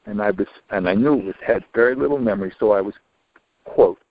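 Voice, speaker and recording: A retired older man telling a long personal story in an interview, rambling with many restarts and dropping into low, muttered asides. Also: fast, no room sound. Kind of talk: casual storytelling. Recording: dull lo-fi recording.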